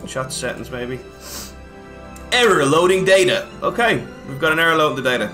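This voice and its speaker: A bright, animated man running a tabletop game stream. He jokes and swears freely, his pitch bouncing all over, with faint music underneath. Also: moderate pace. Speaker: game master and stream host. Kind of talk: casual streaming chat.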